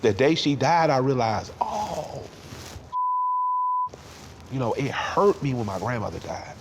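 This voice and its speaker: A man in his forties, a guest in an interview, speaking in a heartfelt way and sometimes tearful, pausing and repeating words when moved. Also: medium pitch, expressive, long reverb tail, very noisy. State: tearful at times. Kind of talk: emotional reflective interview talk.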